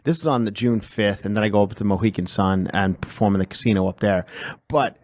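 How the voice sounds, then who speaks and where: A man's voice: fairly low pitch, brisk, darkish tone, slight background noise. A man from Long Island hosting a comedy podcast, rambling and self-deprecating and swearing casually as he plugs his shows. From Long Island, New York.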